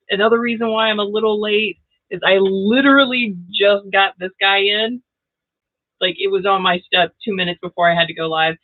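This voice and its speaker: A grandmother hosting a casual livestream, chatty and laughing often as she reads out viewer comments. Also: medium pitch. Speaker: livestream host. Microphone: new plug-in microphone. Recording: tinny phone-like sound.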